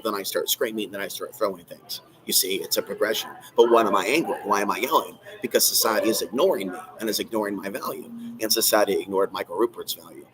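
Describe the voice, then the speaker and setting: A man's voice: lowish voice, rough recording. A man hosting a live stream, ranting in an agitated, rambling, repetitive way from a coffee shop. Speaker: channel host.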